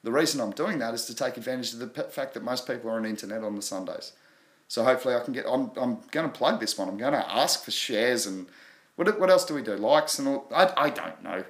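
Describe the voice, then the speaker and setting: A man with a broad Australian accent chats casually on a live stream, his words tumbling out quickly with frequent restarts. His mid-range voice sits in a room with a noticeable echo. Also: mid-range voice, animated, fairly bright tone. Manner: quick, rambling, apologetic about his pace. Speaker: crypto livestream host.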